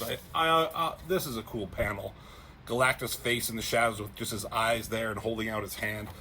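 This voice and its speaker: A man's voice: fairly low pitch, steady tone, normal speed, sharp tone, slight background noise. A man casually retelling a comic as a reviewer, rambling, with lots of fillers and frequent swearing.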